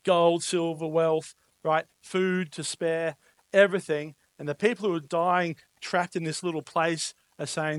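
A man's voice: fairly high pitch, fairly even intonation, measured pace, no room sound. A man preaching a sermon, telling stories in an emphatic, conversational way and often asking "right?". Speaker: pastor.

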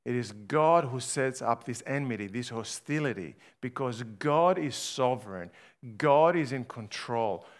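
Slow, emphatic male preacher. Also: mid-range voice, animated. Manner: slow, emphatic preaching with dramatic rises and hushed drops. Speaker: pastor. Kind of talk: sermon.

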